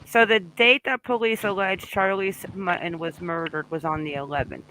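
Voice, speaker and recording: A woman's voice: fairly low pitch, steady tone, moderate pace, sharp tone, slight background noise, low-quality recording. A woman hosting a casual live true-crime discussion, chatting and greeting viewers by name. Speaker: livestream host.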